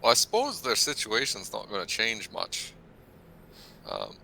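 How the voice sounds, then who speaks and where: A man's voice: lowish voice, wildly swooping pitch, unhurried, gravelly, bright, forceful tone. A man playing a tabletop game, chatting loosely with swearing and restarts. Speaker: player. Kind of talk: casual tabletop game chat.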